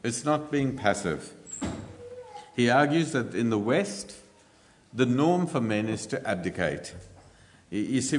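A man's voice: lowish voice, slight background noise. A man preaching a sermon in an earnest way, with frequent ums and rhetorical questions. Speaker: pastor. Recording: reverberant church hall.

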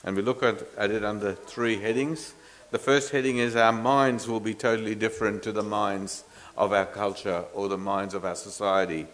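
A man's voice: fairly low pitch, fairly even intonation, normal speed, fairly bright tone. A man preaching an expository sermon, earnest and emphatic, with frequent fillers and restarts, asking the congregation rhetorical questions.

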